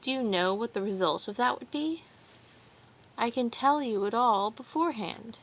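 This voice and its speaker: A woman's voice: on the high side, animated, moderate pace. A woman reading as a proud, bitter noblewoman, full of irony. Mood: ironic. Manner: mocking, sharp irony.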